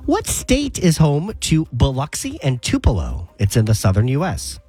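A man's voice: mid-range voice, wildly swooping pitch, normal speed, warm tone, breathy edge, soft background music. A man hosting a morning radio quiz, upbeat and sick. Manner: upbeat quizmaster. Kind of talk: radio game show hosting.

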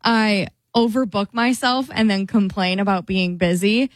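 A woman's voice: mid-range voice, unhurried, no room sound. Chatty self-mocking woman in a dry studio. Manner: chatty, self-mocking, slips into playful voices. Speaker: radio show co-host. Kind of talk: casual studio chat. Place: radio studio. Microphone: studio mic.

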